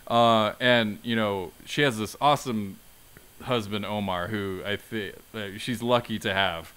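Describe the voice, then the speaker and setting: A man's voice: lowish voice, steady tone, a little slow, a bit bright, smooth. A man hosting a casual film podcast, summarizing in an easygoing way with many fillers. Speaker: podcast host.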